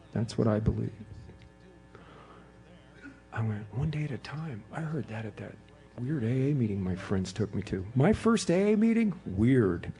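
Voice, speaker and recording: A middle-aged man with a gravelly, creaky edge to his voice tells his recovery story to a room of listeners. He talks in a lively, storytelling way and acts out the voices of the people he quotes. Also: medium pitch. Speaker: AA speaker. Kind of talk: recovery meeting talk, storytelling. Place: hotel meeting room before an audience.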